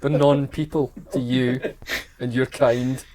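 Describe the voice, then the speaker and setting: A man's voice: mid-range voice, level tone, slow, crowd noise. A Scottish man, a historian, chatting casually on a podcast with dry, teasing humour. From Scotland. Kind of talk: casual conversation.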